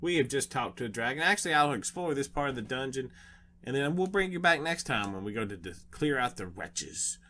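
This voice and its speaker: A man's voice: medium pitch, lively intonation, brisk, bright, forceful tone, a little hiss or hum. A man with a Southern US accent, giving folksy, upbeat let's-play commentary as the show's host. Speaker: game streamer.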